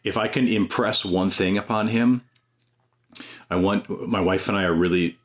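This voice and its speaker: A man, a guest on a podcast who is a stay-at-home dad and former teacher, telling personal stories in an earnest, animated way with frequent restarts. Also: low voice, moderate pace. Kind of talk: personal storytelling in an interview.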